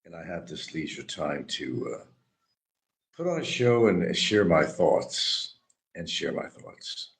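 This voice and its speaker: A man's voice: sits low, big pitch swings, slow. A man streaming a rambling, sarcastic monologue, mocking and teasing his viewers.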